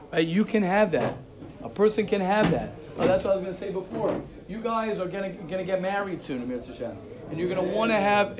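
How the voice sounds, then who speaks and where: Animated man teaching a casual class. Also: sits high. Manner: animated, storytelling, repeats phrases. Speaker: Torah teacher. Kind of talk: informal class talk.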